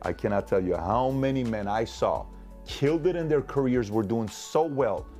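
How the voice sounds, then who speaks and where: A man's voice: medium pitch, animated, moderate pace, a little mellow, soft background music. A man giving relationship advice in an emphatic, repetitive, preachy motivational talk.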